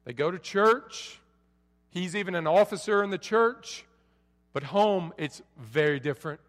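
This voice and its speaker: Middle-aged male pastor, high voice, preaching in a church sanctuary with long hall reverb, soft lows to loud peaks. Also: expressive, unhurried. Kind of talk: sermon.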